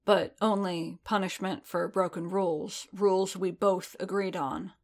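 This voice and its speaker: A woman's voice: lowish voice, fairly even intonation, measured pace. Woman reading a blunt male warrior. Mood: earnest.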